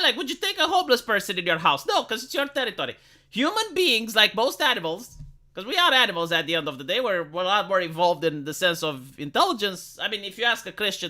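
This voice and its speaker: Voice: medium pitch, bright, forceful tone. A live streamer ranting in a heated, profane, rambling way, sometimes laughing at their own points. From lives in Romania.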